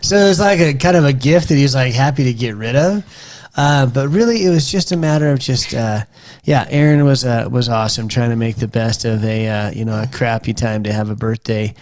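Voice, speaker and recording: Animated storytelling man. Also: mid-range voice, a little fast, few pauses. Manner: animated storyteller, rambling with restarts. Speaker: podcast co-host. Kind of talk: casual chat over scotch tasting.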